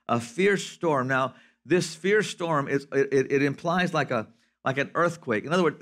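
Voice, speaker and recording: Animated man preaching a sermon. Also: fairly high pitch. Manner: animated, swings from loud to soft. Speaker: pastor.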